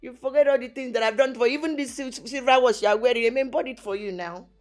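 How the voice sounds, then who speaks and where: A woman's voice: a little high, fast talker, lightly acted. An actress playing a stressed woman trader in debt, speaking with a Nigerian accent and complaining wearily. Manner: complaining, weary, sighing.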